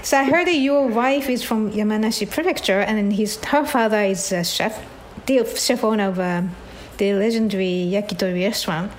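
A woman hosts an interview podcast and asks her guest questions in a slow, gentle way. Her voice sits at a middle pitch, with a faint hiss of noise under the recording. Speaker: podcast host.

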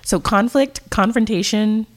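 A woman co-hosting a casual podcast chat, telling a story in an animated way and acting out the lines she quotes. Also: medium pitch, a little slow. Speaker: podcast co-host.

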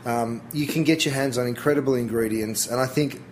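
A middle-aged Australian man chats easily as an interview guest, his voice sitting at an ordinary middle pitch. He rambles a little, doubling back and restarting with fillers. A faint hiss runs under the recording. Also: a little fast, rough recording. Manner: relaxed, chatty, self-interrupting with fillers. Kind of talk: casual interview chat.

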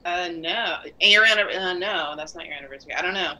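A woman co-hosting a podcast, chatting casually in short, quick replies. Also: lowish voice, sharp tone. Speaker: podcast co-host. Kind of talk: casual chat. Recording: dull lo-fi audio.

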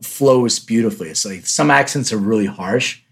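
Man, Philly accent, husky, podcast host, chatty, stop-start questions. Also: fairly low pitch. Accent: Philadelphia. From Lithuania. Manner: friendly, chatty, halting restarts. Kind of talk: casual interview chat.

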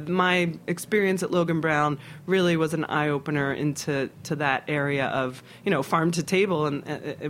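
Middle-aged man from Philadelphia, chef and guest on an interview show; halting, filler-heavy delivery, pitched a little high, faint noise behind him. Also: fairly bright tone. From Philadelphia, USA. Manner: halting, with many fillers and restarts. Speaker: restaurant owner and chef, guest. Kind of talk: casual interview conversation.

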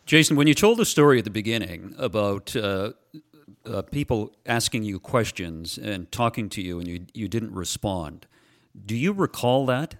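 A man's voice: lowish voice, sing-song, moderate pace. A man interviewing a guest, asking direct questions. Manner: direct questions, a few fillers.

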